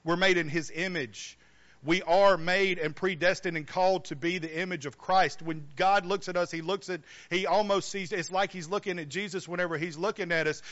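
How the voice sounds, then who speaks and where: A man's voice: high voice, fairly even intonation, normal speed, fairly bright tone, dull audio. A man preaching a sermon, emphatic and calling out questions to the congregation.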